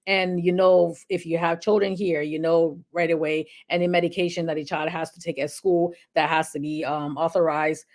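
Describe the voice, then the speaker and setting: A woman's voice: low voice, level tone, moderate pace, few pauses, darkish tone. A middle-aged woman giving casual health advice to parents, chatty and often checking in with "okay?". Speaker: health video host.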